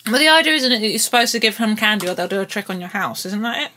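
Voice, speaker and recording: Bright-voiced easygoing woman co-host. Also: mid-range voice, animated, rapid-fire, a little hiss or hum. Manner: easygoing, agreeable, chuckling. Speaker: podcast co-host. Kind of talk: casual chat.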